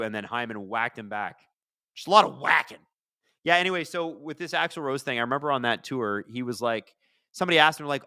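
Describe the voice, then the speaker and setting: A man hosts a live hockey watchalong, rambling through stories and chatting with his viewers, then snapping back to call the plays. His voice is bright and forceful, recorded close and dry with no room sound. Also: mid-range voice, moderate pace, smooth, dry recording. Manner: rambling, chatty, jumps from storytelling to excited play calls. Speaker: livestream watchalong host.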